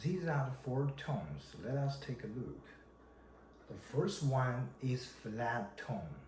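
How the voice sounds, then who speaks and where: Chinese man teaching Mandarin tones, slow and careful, lively pitch, echoey room with faint noise. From China. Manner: slow, deliberate, repeats example words. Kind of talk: language lesson.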